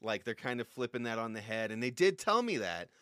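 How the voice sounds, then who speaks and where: A man's voice: mid-range voice, sing-song, fairly quick, a bit bright, dry recording, studio quality. A young man hosting a casual comedy podcast, rambling through crude jokes and goofy bits. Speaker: podcast host.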